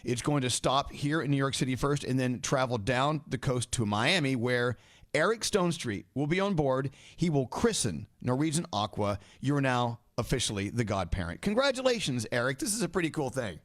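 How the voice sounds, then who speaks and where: A middle-aged man with an American accent, hosting a morning radio show in the studio and teasing his guest with quick, playful quips. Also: mid-range voice, expressive, a bit bright, no echo. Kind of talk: casual morning radio banter.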